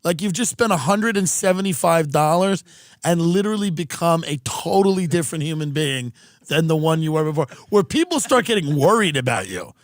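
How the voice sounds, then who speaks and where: Podcast host, man, rambling comic storyteller, slightly high voice, dry close mic. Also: expressive, brisk, no echo. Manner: rambling, wry, acts out quoted voices. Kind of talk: comedic storytelling.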